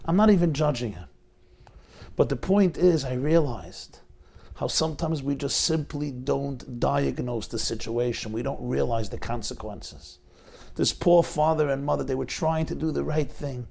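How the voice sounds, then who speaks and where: A man's voice: medium pitch, moderate pace, creaky, darkish tone. A middle-aged man, a rabbi, giving an emotional sermon, retelling a painful story with dramatic rises in intensity. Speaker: rabbi lecturer.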